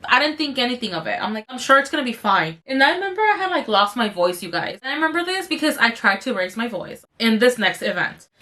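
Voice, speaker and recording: A young woman vlogger telling a workplace story while doing her makeup, animated and swearing freely, her throat slightly strained. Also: a little high, fast, hardly any pauses. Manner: animated, swearing, addresses viewers as you guys. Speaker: beauty vlogger.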